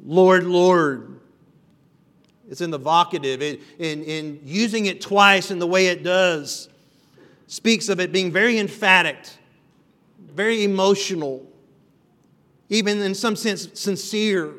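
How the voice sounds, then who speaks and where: Guy preaching, pretty high voice, earnest, ringing church hall reverb. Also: a little slow, pushed and bright. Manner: earnest, rising emphasis on repeated phrases. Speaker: pastor. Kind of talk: expository sermon.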